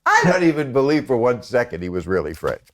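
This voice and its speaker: A man's voice: mid-range voice, sing-song, brisk, a bit bright. An American man in his sixties, a comedian talking as a guest in casual chat, sardonic and profane, with laughing asides.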